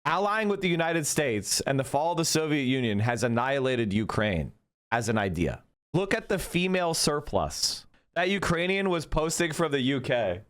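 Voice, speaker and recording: A man's voice: on the high side, big pitch swings, normal speed, fairly bright tone. A man hosting a stream, reading news aloud and ranting sarcastically in casual political commentary, with some swearing. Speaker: streamer host.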